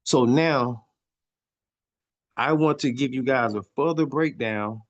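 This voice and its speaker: A podcast host teaches spiritual topics in a preachy style, reading passages aloud and repeating lines for emphasis, often tripping over repeated words. His medium-pitched voice goes slowly, and the recording sounds muffled.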